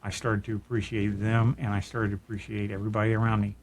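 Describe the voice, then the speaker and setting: A man's voice: on the low side, flat delivery, fast talker. Earnest middle-aged man telling his story. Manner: earnest, reflective, with frequent restarts and soft laughs. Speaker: podcast co-host. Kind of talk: casual conversational storytelling.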